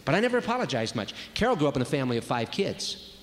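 A man's voice: medium pitch, very animated, rapid-fire, very noisy. A man giving a conversational sermon on marriage, acting out quoted voices as he goes. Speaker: speaker at a marriage retreat. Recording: long reverb of a large hall.

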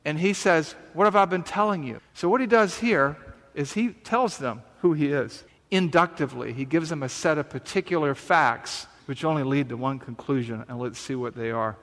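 A man's voice: fairly high pitch, fairly bright tone. Man preaching in a reverberant hall. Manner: earnest, emphatic preaching with dramatic quoted lines. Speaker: pastor. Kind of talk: sermon.

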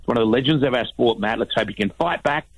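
A man's voice: medium pitch, quick pace, vocal fry, husky, no echo, poor audio. Australian man, motorsport regular on radio, keen and punchy, dry close sound. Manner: enthusiastic, promotional. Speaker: motorsport reporter. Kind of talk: radio segment chat.

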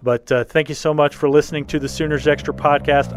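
Over music, a man with a higher, level-toned voice hosts a casual sports podcast. He hesitates as he talks things through, with many fillers and restarts.

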